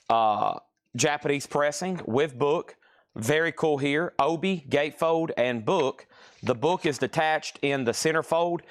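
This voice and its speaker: A man hosting a live online record sale, rattling off prices and bids in rapid salesman patter, with audible nose breathing on a close mic. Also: mid-range voice, no echo. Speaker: live-stream auction host. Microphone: mic right next to his mouth.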